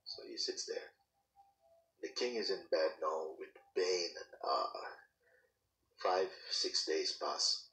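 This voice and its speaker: Deep-voiced man telling a parable. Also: distant mic. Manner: lively, acts out the people in his story, uses sound effects. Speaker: storyteller and teacher. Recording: echoey room, speaker off-mic.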